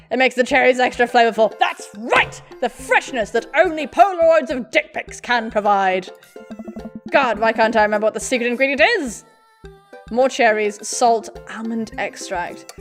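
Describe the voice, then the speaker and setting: A young woman with a slightly high voice plays through a dating game at home, reading the lines aloud as a gaming YouTuber. She keeps up a giggly, playful commentary broken by sudden loud squeals. Faint game music plays under her voice. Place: home room with a pet cat. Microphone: desk mic with face cam.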